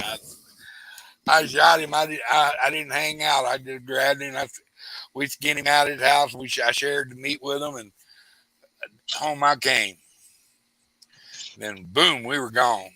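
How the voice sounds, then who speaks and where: A man's voice: medium pitch, sharp tone, no room sound, rough recording. A man telling a long hunting story in casual chat, full of restarts and quoted lines. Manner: rambling storyteller with frequent restarts, acts out quoted voices. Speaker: host.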